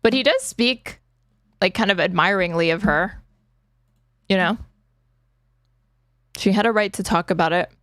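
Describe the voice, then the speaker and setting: A woman's voice: medium pitch, measured pace, long pauses, a bit bright, dry recording, studio quality. A woman hosting a casual reaction stream, talking sarcastically and swearing, with plenty of fillers. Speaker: streamer host.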